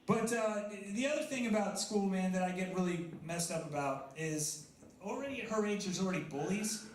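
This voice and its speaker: A man's voice: high voice, normal speed, slight background noise. A man in his thirties performing a stand-up comedy set at a coffee house, self-deprecating and chatting with the crowd. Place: coffee house stage before a live audience. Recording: roomy live venue sound.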